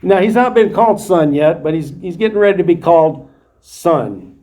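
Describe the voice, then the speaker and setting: High-voiced man teaching a Bible class. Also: animated, normal speed, dark tone, slight background noise. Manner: explains verses plainly, restating them in his own words. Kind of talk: verse-by-verse Bible study lecture.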